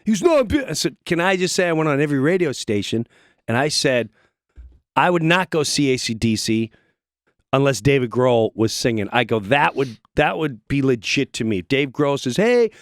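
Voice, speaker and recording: A middle-aged man, a comedian guest, telling an animated story in a casual studio chat and acting out the voices of the people in it. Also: medium pitch, moderate pace, dry recording. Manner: acts out voices in his stories, lively and excitable.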